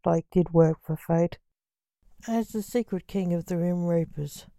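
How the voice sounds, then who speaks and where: A woman reading a story aloud with halting phrasing. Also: lowish voice, mellow, no echo, low-quality recording.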